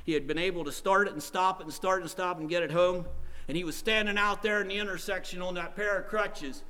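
A man preaching a sermon in a church, telling stories dramatically and swinging from hushed tones to loud outbursts. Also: high-pitched, steady tone, quick pace, low-quality recording.

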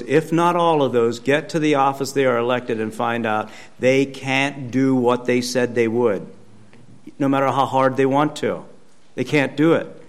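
A pastor giving a conversational sermon with emphatic repetition, speaking in a church. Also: male voice, medium pitch. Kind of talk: sermon teaching.

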